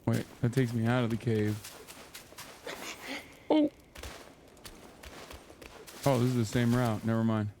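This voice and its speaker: A man in his thirties streams a video game, giving casual commentary and joking with his chat over loud game music. His mid-range voice is flat and quick with few pauses, and a little hiss or hum can be heard.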